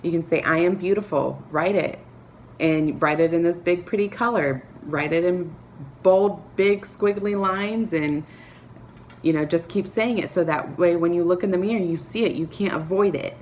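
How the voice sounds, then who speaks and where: A woman talking to camera, giving earnest, encouraging advice with soft laughs and filler words. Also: fairly low pitch, moderate pace, a little hiss or hum. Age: adult, a parent. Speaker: vlogger. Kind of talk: motivational talk to camera.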